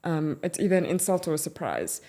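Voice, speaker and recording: A woman from South Africa with a South African English accent, co-hosting a podcast and talking frankly and in a measured way about her own experience. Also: low voice, sing-song, warm tone. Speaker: podcast co-host. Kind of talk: candid conversational podcast chat.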